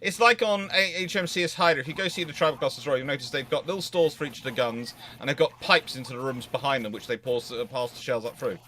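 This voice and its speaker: A male naval historian hosting a casual livestream chat, animated and sarcastic, acting out both sides of the arguments he describes. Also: medium pitch, fast talker, hardly any pauses, a little hiss or hum. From half Scottish, half Cornish.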